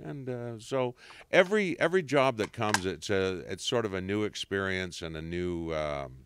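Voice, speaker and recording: A man, a voice actor, telling animated stories with frequent laughter in a casual convention interview. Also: fairly low pitch, normal speed, noisy background. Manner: animated storyteller, laughs often. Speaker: voice actor guest.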